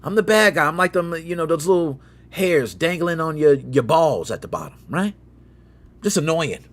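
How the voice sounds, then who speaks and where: A man hosting a gaming channel, telling a story in slangy, lively commentary and acting out quotes with sound effects. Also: a little high, normal speed.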